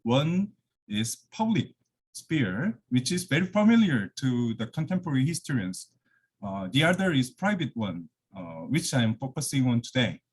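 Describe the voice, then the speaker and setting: A man's voice: mid-range voice, sing-song, moderate pace, slightly rough. A man gives an academic lecture over a video call from his office, slightly out of breath, with many fillers and restarts. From Korea. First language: Korean. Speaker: guest lecturer.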